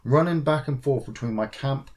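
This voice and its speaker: This male podcast co-host talks at a moderate pace in a mid-range voice. Chatting loosely, he curses freely and performs the voices of game characters while animatedly recounting events.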